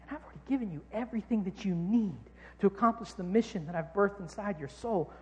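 A man voicing God, speaking in a soft, urging whisper. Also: high-pitched, fast, long reverb tail, highs cut off, natural voice.

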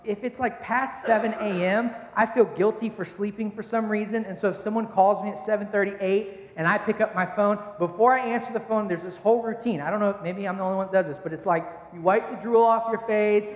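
A man in his thirties preaches a sermon in a relaxed, self-deprecating manner, weaving in everyday anecdotes. His voice sits noticeably high for a man. The sound carries the long, echoing reverb of a large church hall. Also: brisk, few pauses. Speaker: pastor. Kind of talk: sermon with personal storytelling.

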